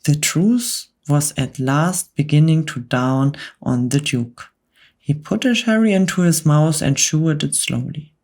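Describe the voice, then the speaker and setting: Soft-spoken woman, whispered storytelling. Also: low voice, animated, measured pace. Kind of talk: whispered role-play.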